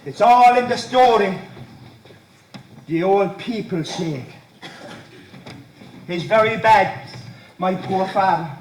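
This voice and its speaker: A man's voice: high voice, a little hiss or hum. An actor playing an odd, brooding young Irish countryman who repeats himself when frightened, on stage. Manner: halting, repeats words, fearful. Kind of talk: amateur stage play. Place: stage in a hall. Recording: echoey hall from far off.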